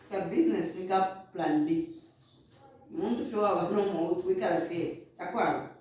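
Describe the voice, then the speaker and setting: A woman's voice: fairly low pitch, dark tone. A woman giving blunt, casual motivational talk about business, eating between points. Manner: direct, blunt, talks while eating. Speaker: vlogger. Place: indoor room, sitting on the floor. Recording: very echoey room, distant mic, faint noise.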